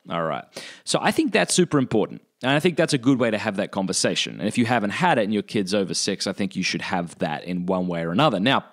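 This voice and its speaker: A man with a fairly low voice, talking casually to listeners and giving advice to parents. He is animated and often jumps higher in pitch when he quotes a conversation. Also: fairly quick.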